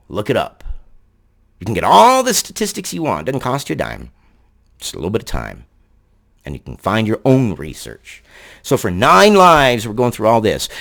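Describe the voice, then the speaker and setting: A man's voice: mid-range voice, vocal fry, fairly bright tone. A man delivering angry political commentary, sarcastic and profane in his ranting.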